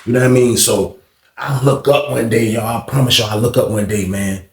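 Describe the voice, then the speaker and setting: A man's voice: medium pitch, fairly even intonation, brisk, reverberant, a little hiss or hum. A man telling a story in a casual, slangy, profane way and talking to his viewers as "y'all".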